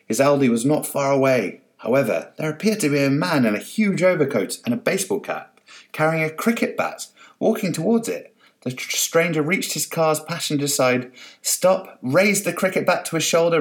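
A man narrating a comic story aloud with expression. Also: medium pitch. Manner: expressive, reads with many voices. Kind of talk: storybook reading.

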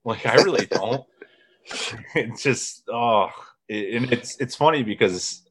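A man's voice: mid-range voice, slow, breathy edge. A man in his thirties from northern Indiana, hosting a casual chat and telling rambling stories with frequent laughs. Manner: rambling storyteller, laughs often. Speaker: podcast host.

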